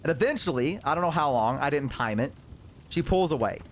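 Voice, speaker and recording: A man streamer spins a casual story, rambling along with lots of fillers and the odd curse word. His voice sits a bit high for a man and swings widely in pitch as he talks. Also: expressive, brisk, slight background noise.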